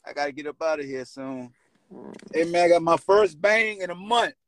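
Animated trash-talking man. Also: on the high side, moderate pace. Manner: loud, playful, animated trash talk. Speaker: host. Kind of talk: hyped-up sports trash talk on a call-in show.

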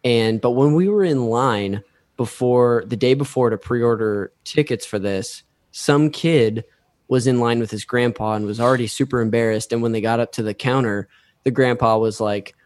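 A man's voice: mid-range voice, moderate pace, a little mellow, no room sound. A man in his thirties from California, a podcast guest telling casual, rambling stories full of restarts. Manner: laid-back, rambling with frequent restarts. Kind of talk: casual storytelling chat.

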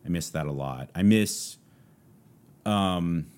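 A man's voice: low voice, slow pace, darkish tone, clean tone. A man from Southern California hosting a podcast, rambling through a casual solo monologue full of fillers. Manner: rambling, loose, lots of fillers. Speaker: podcast host.

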